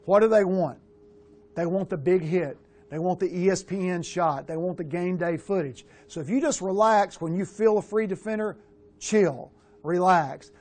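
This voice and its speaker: A middle-aged man coaching quarterbacks, talking bluntly through game film with casual swearing and animated asides. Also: high-pitched, normal speed. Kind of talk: film breakdown coaching talk.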